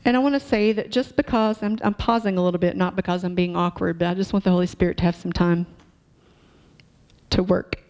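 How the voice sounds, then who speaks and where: A woman's voice: lowish voice, fairly even intonation, fairly quick, a little mellow. A woman preaching a sermon in a church, talking conversationally and asking the congregation questions.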